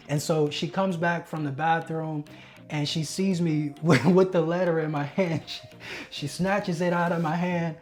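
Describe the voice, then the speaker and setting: A man recounting a personal experience in candid storytelling, earnest and self-deprecating, sometimes halting and restarting as he recalls tense moments. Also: on the high side. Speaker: testimony speaker.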